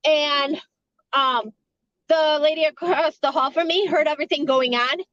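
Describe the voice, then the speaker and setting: A woman's voice: high voice, fairly even intonation, measured pace, fairly bright tone, no echo, dull audio. A woman who works a hotel front desk, telling a story casually, rambling, swearing freely and laughing between lines.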